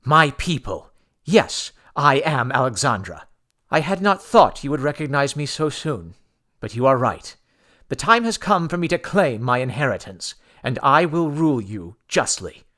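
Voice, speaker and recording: A man's voice: mid-range voice, sing-song, a little slow. A man doing a bold commanding young noble. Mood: proclaiming. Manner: forceful, commanding, proclaiming. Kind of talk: audiobook character voice.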